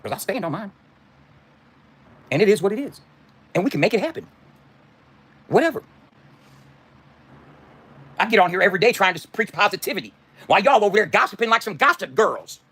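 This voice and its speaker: A man's voice: high voice, big pitch swings, quick pace, long pauses, pushed and bright, breathy edge. A middle-aged man delivering a heated, profane, confrontational livestream rant.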